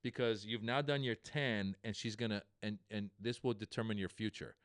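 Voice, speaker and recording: Male comedian guest, animated storyteller, resonant voice, close and dry. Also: on the low side, moderate pace, no room sound. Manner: animated storyteller who acts out the people he quotes. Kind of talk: casual storytelling chat.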